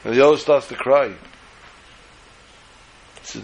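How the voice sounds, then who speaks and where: A man's voice: medium pitch, measured pace, gravelly, poor audio. A man telling a story in a sermon, acting out the dialogue with animation.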